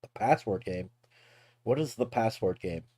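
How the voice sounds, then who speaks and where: A man's voice: fairly low pitch, expressive, unhurried, dark tone, no echo, studio quality. A man from Texas with a Texan accent, rambling casually and laughing as he reacts to videos. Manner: rambling, laughs often, swears freely. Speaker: streamer reacting to clips.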